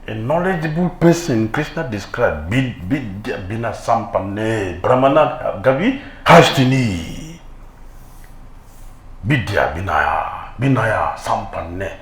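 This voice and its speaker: Animated man preaching in a hall. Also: lowish voice, slow pace, slight background noise. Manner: rhetorical questions, mocking the envious with a laugh. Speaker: swami giving a scripture class. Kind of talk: sermon on scripture. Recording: echoey hall with faint ambience.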